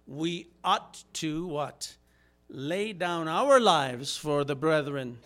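A male pastor preaching a sermon, impassioned, acting out quotes and rising to shouts. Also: a little high, animated, very slow.

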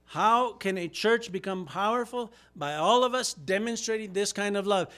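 A male pastor preaching a sermon, impassioned, acting out quotes and rising to shouts. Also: high voice, normal speed, few pauses.

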